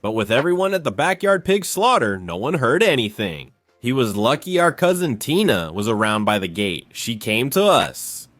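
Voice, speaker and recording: A man's voice: mid-range voice, moderate pace, dry recording, clean studio sound, faint music behind. A young man narrating a childhood story in a casual, conversational storytime style. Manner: animated, conversational.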